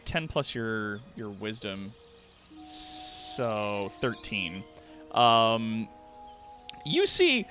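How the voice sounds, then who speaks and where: A man serving as game master for a tabletop game narrates at an unhurried pace, filling his speech with fillers and laughing often. His medium-pitched voice sounds pushed and bright.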